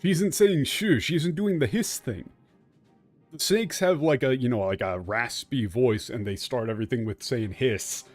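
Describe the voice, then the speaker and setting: A man streaming a game and translating its dialogue live, talking in a halting way with frequent restarts and casual swearing. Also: mid-range voice, darkish tone, soft background music. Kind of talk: live gameplay commentary.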